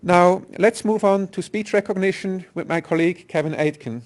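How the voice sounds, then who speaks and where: Speaking at a moderate pace in a voice that sits high, a man presents at a conference, walking through the principles of speech synthesis one step at a time in a conference hall.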